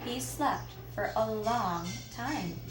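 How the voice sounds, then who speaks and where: A woman reading picture books aloud to children, expressive and asking listeners questions. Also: fairly high pitch, takes it slowly, music in the background. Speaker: children's story reader. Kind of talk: picture book read-aloud. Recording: roomy echo, faint background noise.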